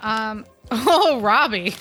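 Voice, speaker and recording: A woman's voice: a little high, lively intonation, very slow, fairly bright tone, slight background noise. A woman co-hosting a podcast in casual, rambling chat over a call, laughing often. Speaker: podcast co-host. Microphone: remote call recording.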